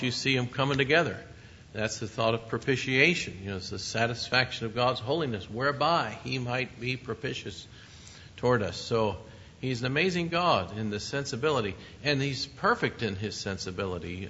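Male preacher, conversational sermon delivery, lowish voice, dull recording with faint hiss. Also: fairly bright tone. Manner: conversational preaching with asides and chuckles. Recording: muffled lo-fi recording.

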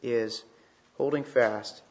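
A man's voice: mid-range voice, steady tone, slow pace, a little mellow. A man preaching a sermon in an emphatic way, asking rhetorical questions and repeating phrases for weight. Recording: slightly dull, lo-fi sound.

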